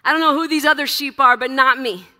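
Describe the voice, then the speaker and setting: A woman's voice: on the high side, normal speed, pushed and bright. A woman voicing a passionate, boastful male disciple who talks emphatically and defiantly.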